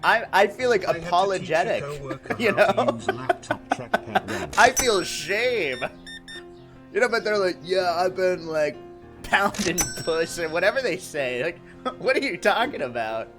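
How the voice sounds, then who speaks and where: A man's voice: high-pitched, very animated, normal speed, over music. A man streaming live, chatting casually and reading out viewer messages, laughing often and teasing himself and his chat.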